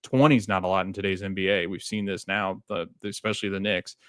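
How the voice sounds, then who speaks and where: A man's voice: low-pitched, fairly quick, clean tone, no echo, studio quality. Chatty man breaking down a basketball game. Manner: animated fan, rambling with restarts. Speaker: podcast host. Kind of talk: casual sports talk.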